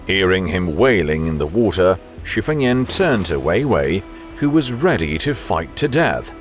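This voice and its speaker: A man narrating a novel as an audiobook in a measured storytelling manner. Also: sits low, sing-song, faint music behind.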